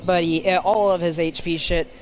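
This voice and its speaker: A man in casual gaming chat with a monotone voice, explaining game rules with many restarts. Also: high-pitched, normal speed, soft background music. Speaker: gamer.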